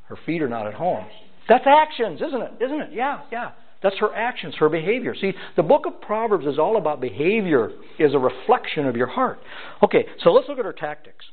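Animated high-voiced preacher, tinny sound. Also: male voice. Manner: animated, rhetorical questions to the congregation. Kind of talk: sermon.

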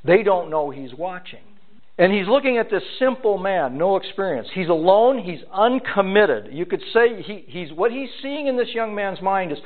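Animated high-voiced preacher, tinny sound. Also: male voice, normal speed. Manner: animated, rhetorical questions to the congregation. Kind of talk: sermon.

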